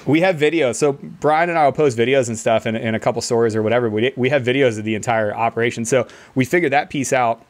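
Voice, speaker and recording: Animated man telling a story with laughs. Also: medium pitch, quick pace, hardly any pauses. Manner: animated, laughs often, acts out other people's lines. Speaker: podcast co-host telling a military story. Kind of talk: casual storytelling among friends. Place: indoor team room.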